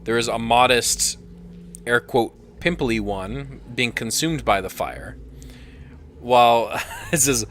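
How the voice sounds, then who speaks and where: A man's voice: mid-range voice, animated, slow, fairly bright tone, a little hiss or hum. A man narrating as game master of a tabletop game, easygoing and prone to trailing off.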